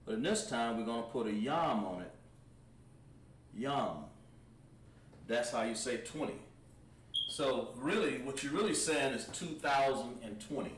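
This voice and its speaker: A man teaching a livestreamed Hebrew language class, slowly drilling words with lots of repetition. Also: medium pitch, expressive. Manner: slow, repetitive, drawn-out pronunciation drills. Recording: roomy echo, distant mic, faint background noise.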